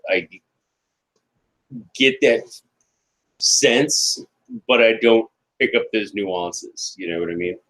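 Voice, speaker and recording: A man's voice: lowish voice, slow pace, long pauses, fairly bright tone, rough recording. An American man co-hosting a casual podcast, laughing often, retelling scenes with put-on voices and swearing bluntly. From United States. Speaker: podcast co-host.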